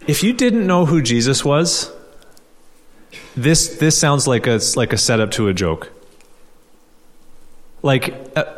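A male pastor preaching a conversational sermon, asking rhetorical questions and repeating key phrases for emphasis. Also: mid-range voice. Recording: long hall reverb.

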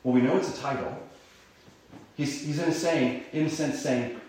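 A man's voice: on the high side, normal speed, long pauses, darkish tone. A male pastor preaching a sermon in a loose, conversational way, with many fillers and restarts, rising sharply when he voices dramatic cries. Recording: very echoey room, voice far from mic.

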